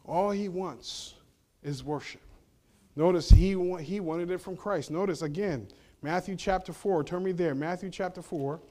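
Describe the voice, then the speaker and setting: High-voiced male pastor preaching. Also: measured pace. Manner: preaching with rhetorical questions to the congregation; swings between loud emphasis and hushed low passages. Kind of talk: sermon. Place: church sanctuary.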